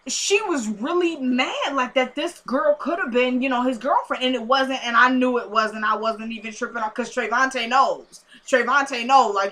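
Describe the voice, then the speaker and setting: A young woman recapping a TV episode in a chatty, animated way, talking straight to her viewers. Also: fairly high pitch, moderate pace, few pauses. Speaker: TV episode reviewer. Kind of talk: casual recap to camera.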